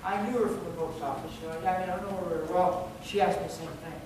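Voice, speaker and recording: A preacher in a very echoey church. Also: male voice, high-pitched, fairly even intonation, fast. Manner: conversational preaching with frequent restarts and repeated words. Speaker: pastor. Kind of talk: sermon. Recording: very echoey hall, distant mic, background noise.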